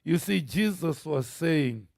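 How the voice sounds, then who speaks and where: A man with a Zimbabwean accent preaching a sermon as pastor, telling stories with animated energy and rising to shouts. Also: on the high side, slow, gravelly, no room sound, studio quality. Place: church.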